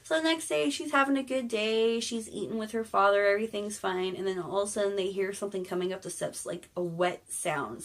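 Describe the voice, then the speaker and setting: A woman's voice: mid-range voice, a little fast, few pauses, fairly bright tone. A woman casually retelling an old fairy tale in slangy, irreverent talk that includes swearing. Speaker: storyteller.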